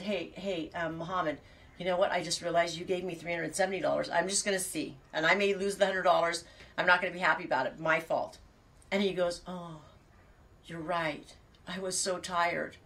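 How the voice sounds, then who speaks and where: A woman hosts her farm show and chats casually with live viewers. Her voice sits on the lower side, and she rambles and restarts sentences often. She sounds a little distant from the microphone. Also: bright, forceful tone. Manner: rambling, many restarts and asides. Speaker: farmer and fiber podcast host.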